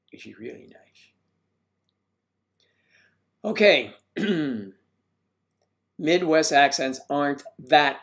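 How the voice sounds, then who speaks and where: An older man hosting a casual livestream, joking and rambling as he reads viewer comments, often clearing his throat. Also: medium pitch. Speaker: host of a livestream. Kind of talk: casual live chat reading viewer comments.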